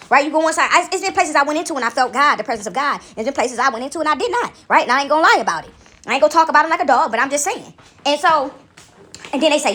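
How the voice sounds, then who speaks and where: Fast, bright-voiced woman telling a story. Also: sits high. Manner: animated, acts out quotes with laughing exclamations. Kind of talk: casual storytelling to viewers.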